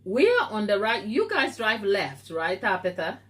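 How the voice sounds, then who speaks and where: A woman's voice: mid-range voice, huge pitch swings, unhurried, fairly bright tone. A woman from Africa hosting a live baking stream from her kitchen, chatting playfully with viewers and teasing them by name. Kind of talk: casual live-stream chat reading viewer comments. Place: home kitchen.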